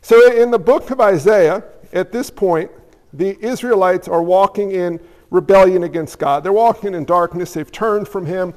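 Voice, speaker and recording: A man with a high voice preaches in a relaxed, conversational way, slipping in jokey asides and acting out little exchanges. His words ring out with the long echo of a church hall. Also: moderate pace. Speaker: pastor. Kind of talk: casual sermon.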